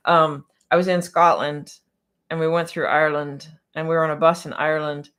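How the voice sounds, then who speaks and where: A woman's voice: deep voice, little pitch movement, a little fast, fairly bright tone. A woman piano technician answering viewer questions on a casual livestream, chatty and a bit scattered, with frequent restarts and laughter.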